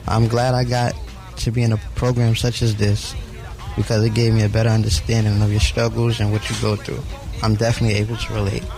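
An eighteen-year-old man from Brooklyn, reading an earnest, steady scripted narration as a student reporter. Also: fairly low pitch, fast, rough recording. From Brooklyn, New York. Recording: music bed under the voice.

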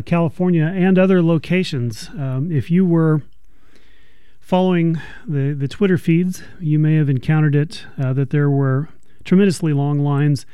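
A male radio host interviewing a guest, talking in a halting way with many fillers. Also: on the high side, mellow, clean tone, dry recording, muffled recording.

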